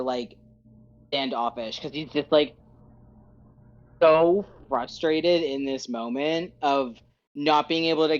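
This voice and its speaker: A tabletop player chats casually, dropping wry and deadpan remarks about their character. The voice sits at a middle pitch. The mic sounds dull and lo-fi. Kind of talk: casual tabletop game chat.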